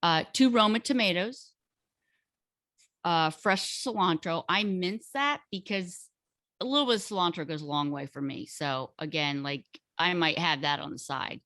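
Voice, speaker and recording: A woman in casual chat, explaining a home recipe step by step in an unhurried, hesitant way with many fillers. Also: lowish voice, a bit bright, dry recording, clean studio sound. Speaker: guest cook sharing a recipe.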